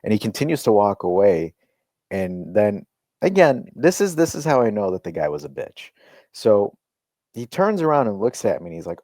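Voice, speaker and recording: A man co-hosting a podcast, telling a story in casual chat, animated and profane, swinging between loud and quiet. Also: on the low side, normal speed, long pauses, no echo. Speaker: podcast co-host, restaurant owner.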